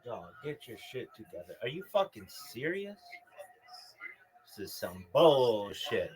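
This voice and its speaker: A man's voice: medium pitch, big pitch swings, a little slow, a little mellow, slight background noise, rough recording. A man livestreaming, chatting casually and ranting in a crude, profane, mocking way. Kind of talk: casual livestream chat and rant.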